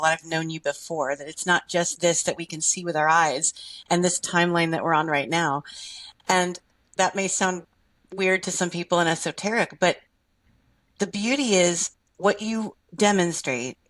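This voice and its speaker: A woman co-hosts a podcast and talks in an earnest, effusive way. Her voice is slightly low. Her tone stays heartfelt as she speaks. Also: poor audio. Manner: warm, earnest and effusive, with frequent laughs. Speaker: podcast co-host. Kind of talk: casual conversation.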